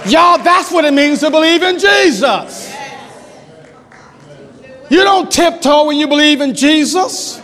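A male pastor preaching a sermon in a church, swinging between loud, emphatic shouting and low, quiet passages. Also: animated, measured pace, pauses often, some chatter behind. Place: church sanctuary. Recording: long hall reverb.

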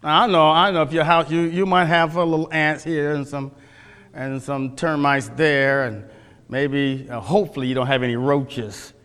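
A man's voice: on the high side, steady tone, moderate pace, fairly bright tone, clean tone. A man teaching a Bible class, folksy, questioning his listeners, often restarting his sentences. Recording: echoey hall.

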